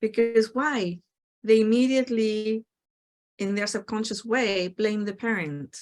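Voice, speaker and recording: A woman hosting a spiritual talk show, calmly explaining her ideas and acting out the replies people give. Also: medium pitch, unhurried. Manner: reflective, explanatory, acts out quoted replies. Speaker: host.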